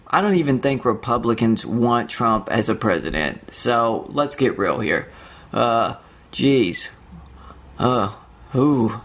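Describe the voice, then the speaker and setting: A man's voice: mid-range voice, creaky, a bit bright. Profane, sarcastic ranting man. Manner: profane, sarcastic ranting with mocking put-on quotes. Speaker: podcast host. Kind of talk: solo podcast rant.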